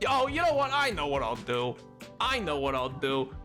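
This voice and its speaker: A man chats on his live stream in a rambling, excitable way, full of fillers and restarts. His voice sits high and swings widely in pitch, while his delivery stays unhurried. Faint music plays underneath. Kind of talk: casual live-stream chat.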